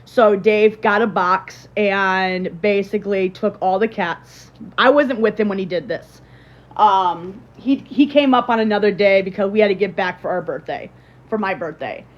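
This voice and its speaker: A woman's voice: medium pitch, normal speed, dull audio. A young woman from Illinois chats on a livestream, her voice sitting right in the middle of the usual range. She tells a long story to her viewers, looping back with fillers, restarts and "like". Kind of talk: casual livestream chat.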